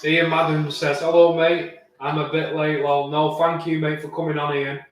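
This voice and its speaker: A man's voice: on the high side, level tone, normal speed, very echoey, recorded from a distance, poor audio. A man chatting casually on a live stream, rambling and restarting as he answers viewers' comments. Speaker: vlogger answering live chat.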